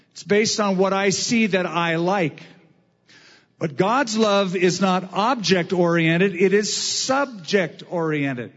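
Male preacher, high voice, deliberate drawn-out sermon delivery. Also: a bit bright, long reverb tail, lo-fi sound. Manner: slow, emphatic preaching with drawn-out phrases. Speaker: pastor.

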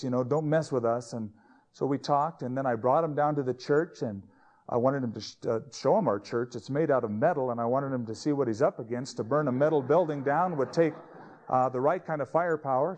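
A man's voice: medium pitch, darkish tone. Conversational male pastor telling stories. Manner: conversational, anecdotal. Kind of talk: sermon storytelling.

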